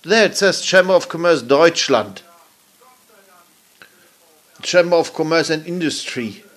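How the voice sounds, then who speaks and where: A man's voice: fairly high pitch, lively intonation, measured pace, fairly bright tone. A middle-aged man whose first language is German, ranting furiously in English with a German accent, swearing and rambling as a frustrated business owner. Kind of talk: angry rant to camera.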